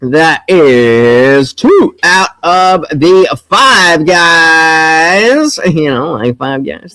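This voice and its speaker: A man hosting a livestream, reacting to a debate with mocking, profane commentary that swings from low muttering to loud outbursts. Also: very animated, drawn-out words, no echo.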